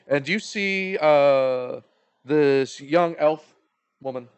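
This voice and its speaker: A young man narrating as game master of a tabletop game, animated and laughing often. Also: on the high side, drawn-out words, clear, resonant tone.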